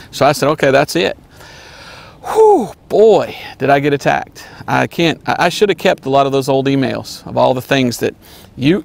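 A man preaching an earnest sermon, repeating his points and sometimes mocking name-callers in a high voice. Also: creaky. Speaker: evangelist preacher.

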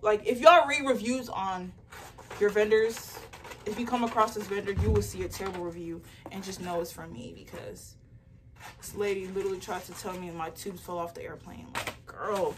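A young woman in a casual home vlog, talking straight to her phone while she packs orders. She tells her story in a chatty, animated way, full of "like", with faint crinkling of mailers and tape behind her. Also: mid-range voice, distant mic, a little hiss or hum. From Nigerian heritage. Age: young adult. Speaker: small business owner vlogger. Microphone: phone camera.

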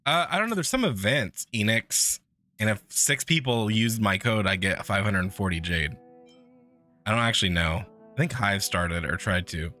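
A man's voice: on the low side, expressive, normal speed, bright, forceful tone, faint music behind. A man streaming a video game in a casual, sarcastic way, swearing and joking as he reacts to what happens. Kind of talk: casual gameplay commentary.

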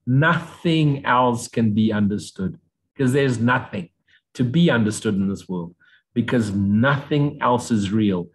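A man's voice: unhurried, poor audio. Blunt, profane man lecturing. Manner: mocks views in sudden high voices. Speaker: spiritual teacher. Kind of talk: unscripted lecture.

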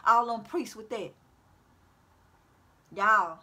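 High bright-voiced woman preaching to viewers. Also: extremely slow. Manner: preachy, repetitive, calls out to her audience. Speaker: self-styled prophetic speaker. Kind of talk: informal religious exhortation to viewers. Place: at home.

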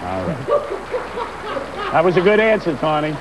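Wisecracking male radio host, somewhat high. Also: huge pitch swings, slow pace, very noisy. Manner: teasing, wisecracking, repeats answers back. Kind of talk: bantering radio game show hosting.

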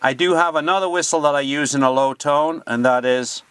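A man, a sheepdog trainer, giving a plain, practical and unhurried instructional demonstration. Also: a little high, heavy background noise.

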